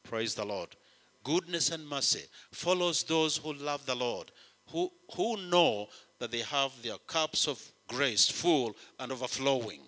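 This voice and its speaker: A man preaching a sermon as a bishop, with a rhythmic, repetitive cadence that rises for emphasis and drops to a hush. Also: medium pitch, lively intonation, a little slow. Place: chapel. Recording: long chapel reverb.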